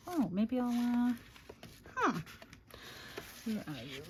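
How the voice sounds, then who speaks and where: A woman's voice: a little high, wildly swooping pitch, slow pace, heavy background noise. A middle-aged woman hosting a crafting livestream, chatting casually and fondly, calling viewers honey and rambling with many fillers.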